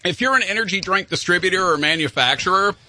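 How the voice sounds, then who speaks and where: A male rock radio host with a bright, slightly high voice, bantering loosely with his co-host and tripping over words as he jokes. The sound is dry and close, straight from a studio mic. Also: lively intonation, no room sound. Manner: joking, stumbling over words, quick laughs. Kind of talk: casual morning radio banter. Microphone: studio microphone.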